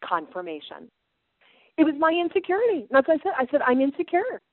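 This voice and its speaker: A middle-aged woman preaches to a gathering of sisters, hammering out question after question and then sinking to a hushed, intense hush. Her voice comes through narrow and tinny like a phone line, and completely dry. She slips easily into homespun stories from her own home. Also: high voice, sing-song, quick pace, no echo. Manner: emphatic, piles up rhetorical questions, drops to soft intensity; folksy personal storytelling. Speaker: women's Bible teacher. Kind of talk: preaching sermon.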